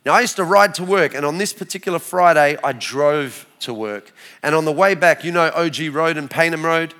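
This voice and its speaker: A man in his forties with an Australian accent, telling his faith story to a church crowd in a lively, storytelling way. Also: on the high side, brisk. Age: 40s. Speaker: speaker sharing his testimony. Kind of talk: church testimony talk.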